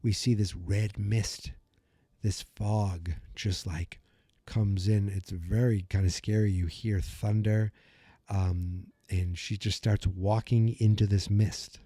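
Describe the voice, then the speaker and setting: With a lowish, dark voice, fairly even intonation, and a slow pace, this man hosts a podcast episode recap. He talks casually, leaning on "you know" and "like," and performs the characters' lines while retelling; there's no room sound.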